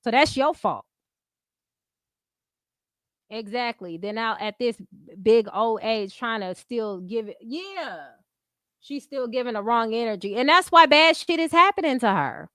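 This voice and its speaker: Blunt high-voiced woman ranting. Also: expressive, unhurried, fairly bright tone, no echo, studio quality. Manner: blunt, heavy profanity, repeats catchphrases. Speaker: commentary streamer host. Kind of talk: unscripted commentary rant.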